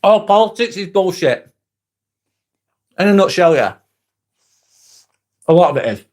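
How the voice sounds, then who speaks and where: A man's voice: high voice, very animated, a little slow, darkish tone. Blunt, swearing man hosting a live vlog. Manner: blunt, casual, swears freely, repeats points for emphasis; talks while eating a snack. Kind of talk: live motivational chat reading viewer comments.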